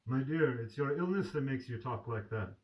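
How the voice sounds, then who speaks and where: A man's voice: mid-range voice, animated, moderate pace, lightly acted. A man reading aloud and voicing a grieving mother who pleads anxiously with her sick son. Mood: anxious pleading. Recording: distant mic.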